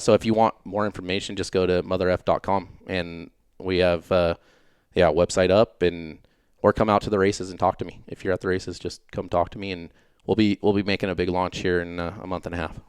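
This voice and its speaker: A man's voice: deep voice, fairly even intonation, fairly quick, clean tone, dry recording, clean studio sound. A middle-aged man, a guest on a podcast, chatting casually in a laid-back way, laughing easily and trailing off with fillers. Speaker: podcast guest, off-road racer and team owner. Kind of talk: casual chat.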